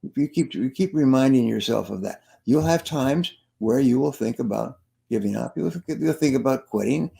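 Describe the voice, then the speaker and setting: His voice is mid-range and expressive, with vocal fry and a mellow quality, delivered at a normal speed. The man is a sales trainer and motivational speaker recounting stories in an interview, repeating key phrases for emphasis.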